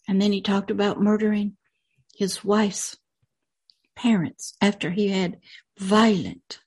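A woman's voice: medium pitch, a little mellow, husky. A woman hosting a religious video channel, retelling a film in an earnest, unscripted way with emphatic repetitions.

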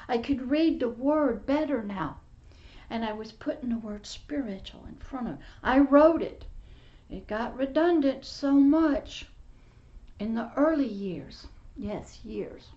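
A woman pastor giving an emotional spiritual testimony, often dropping to a soft whisper. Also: a little high. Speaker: pastor and teacher. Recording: muffled lo-fi recording.

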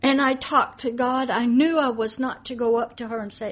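A woman pastor preaching a monologue, emphatic, moving between loud declarations and hushed asides. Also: a little high, fairly even intonation, normal speed, hardly any pauses.

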